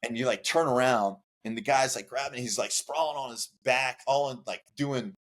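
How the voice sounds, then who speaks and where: A man guest on a podcast, telling a rowdy story casually, with lots of "like" fillers, cursing and acted-out shouts. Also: medium pitch, normal speed. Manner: animated, profane, many "like" fillers, acts out shouts.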